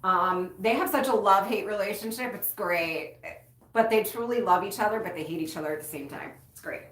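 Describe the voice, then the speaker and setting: A recovery coach hosts a casual livestream, speaking to viewers frankly and emotionally and swearing casually. Her medium-pitched voice is brisk and a bit bright. The distant mic picks up a roomy echo.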